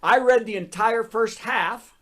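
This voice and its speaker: A man's voice: sits high, measured pace, a bit bright. A man hosting a comedy show over a video call, telling topical jokes and laughing at his own bits.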